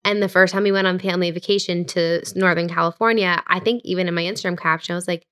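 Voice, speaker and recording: A young woman co-hosting a podcast, talking softly and earnestly into a studio microphone. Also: fairly low pitch, steady tone, fast, smooth. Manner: soft, earnest, drifting near a whisper. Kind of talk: casual chat. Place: recording studio.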